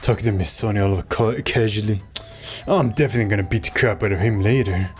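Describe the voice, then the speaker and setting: A man voicing a jealous, hot-headed young man in a video game, with a quick, grumbling delivery. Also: lowish voice, soft background music, natural voice.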